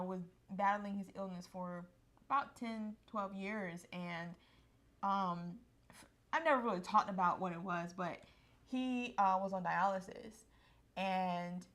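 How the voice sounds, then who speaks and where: A woman in her thirties talking in a relaxed, chatty way at an everyday pitch, warm toward the person beside her. She rambles easily from memory to memory. Her voice softens when she gets sentimental. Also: a little slow. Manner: chatty, affectionate, emotional at times, frequent laughs. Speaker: co-host of a couple's channel. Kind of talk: casual reminiscing chat.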